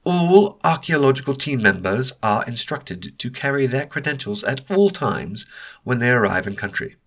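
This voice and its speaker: A man's voice: mid-range voice, very animated, moderate pace, fairly bright tone, voice pushed up. Man voicing a stiff, formal male official. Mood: formal polite. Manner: polite, formal, insistent.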